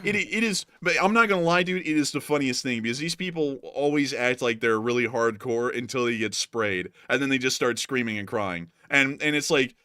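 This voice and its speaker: A man's voice: medium pitch, a little fast, hardly any pauses, bright, forceful tone, smooth, no echo, studio quality. A man hosting a war news show, casually commenting on clips with a jokey, rambling manner while getting over a cough. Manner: jokey, rambling, slips into silly voices. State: recovering from a cough.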